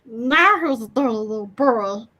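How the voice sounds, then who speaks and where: Tipsy irish lady doing a lewd bossy gollum thing, irish lilt, breathy and giggly, way up high. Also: animated, a little slow, very noisy. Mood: domineering.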